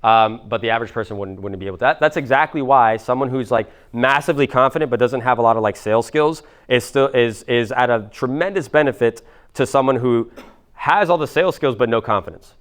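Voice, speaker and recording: Fast-talking young man coaching a seminar. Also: mid-range voice. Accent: Miami. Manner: casual, profane, fast, many fillers like "like" and "bro". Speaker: business coach. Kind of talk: live seminar talk to an audience.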